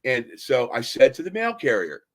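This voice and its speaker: A man from the United States hosts a live radio podcast, spinning long stories in a chatty, animated way. He slips into playful impressions of the people in his tales, and his speaking pitch sits in the middle range for a man. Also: moderate pace. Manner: animated, mimics other people's voices in anecdotes. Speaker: host. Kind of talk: casual storytelling chat.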